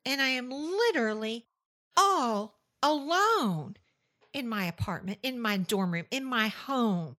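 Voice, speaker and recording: A woman's voice: fairly high pitch, lively intonation, slow, sharp tone. A woman with a Southern US accent hosting a faith-based podcast monologue, emphatic and fond of repeating phrases for effect. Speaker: podcast host.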